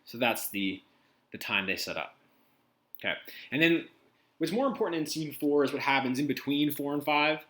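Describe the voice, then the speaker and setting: A man's voice: on the high side, lively intonation, moderate pace, pauses often, pushed and bright. A man teacher giving a casual spoken summary of a play, retelling the characters' lines in everyday modern talk. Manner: conversational, paraphrases characters in modern slang.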